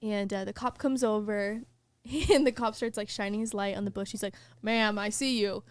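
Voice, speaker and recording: A young woman hosting a podcast tells a story animatedly in casual chat, using "like" heavily and laughing mid-sentence. Her mid-range voice is fairly quick, and there is no room sound.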